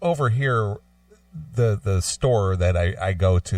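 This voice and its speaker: A man's voice: fairly low pitch, measured pace, dry recording, distant mic. A man co-hosting a radio talk show, telling rambling anecdotes in casual, profane chat.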